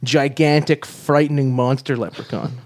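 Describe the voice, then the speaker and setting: A man's voice: mid-range voice, steady tone, normal speed, a little mellow. A man hosting a casual chat, joking and laughing often as he steers the talk.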